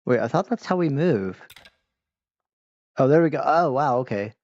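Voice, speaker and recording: A man's voice: mid-range voice, animated, moderate pace, pauses often, darkish tone, dry recording. Man, gaming commentary, chatty, fumbling with controls, dry close sound, muffled lo-fi mic. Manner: chatty, distracted, talks to the game characters. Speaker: gaming streamer. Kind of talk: casual let's-play commentary. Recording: dull lo-fi mic.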